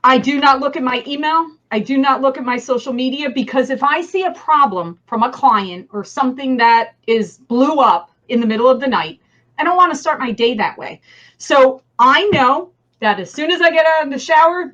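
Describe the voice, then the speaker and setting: High bright New Jersey woman. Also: expressive, moderate pace, muffled recording. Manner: enthusiastic, laughs often. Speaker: guest. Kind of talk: casual interview chat.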